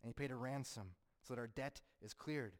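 Man, pastor, sermon, fervent rises, hushed solemn drops. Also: medium pitch, brisk.

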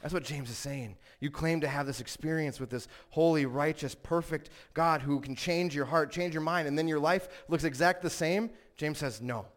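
A man's voice: a little high, steady tone, moderate pace, few pauses. A man preaching a sermon in an earnest way, rising to emphatic peaks and telling stories with quoted voices.

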